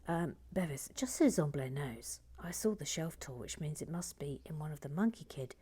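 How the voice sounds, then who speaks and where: A woman hosting a LEGO build, chatting casually and playfully, slipping into mock outrage and soft whispers. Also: low voice, moderate pace, husky. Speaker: host building a LEGO set. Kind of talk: casual live chat while building.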